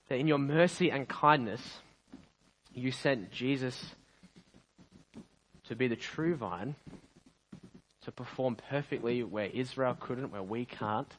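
A man's voice: medium pitch, animated, measured pace, pauses often, fairly bright tone, poor audio. A male pastor preaching a sermon with an earnest, emphatic delivery and frequent restarts, ending in prayer.

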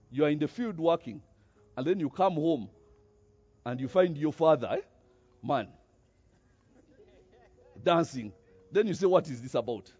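A man preaching a sermon, animated, with many rhetorical questions and a habit of tagging "eh?". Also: on the high side, breathy edge, muffled recording.

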